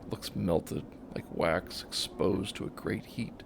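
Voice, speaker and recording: A man narrating a game, reading its text aloud in a calm, steady way. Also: deep voice, slow, creaky, background noise. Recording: faint music behind.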